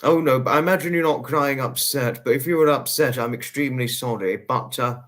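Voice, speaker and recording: A man hosting a live stream reads out his chat, greeting and thanking each viewer in turn. His medium-pitched, fairly bright voice is effusive and repetitive, and he slows down to linger on people's names.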